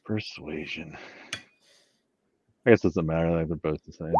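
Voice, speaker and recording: A man playing a character in an online tabletop game, hesitant and thinking out loud. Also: rumbling low, moderate pace, gravelly, slightly rough, lo-fi sound. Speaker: player. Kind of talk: casual tabletop play over a call. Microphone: online voice call.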